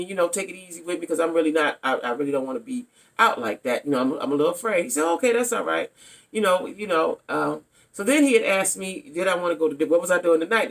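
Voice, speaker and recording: A middle-aged woman vlogger telling a story to her viewers in a blunt, animated way, often checking in with them. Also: fairly low pitch, vocal fry. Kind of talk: casual storytelling to camera.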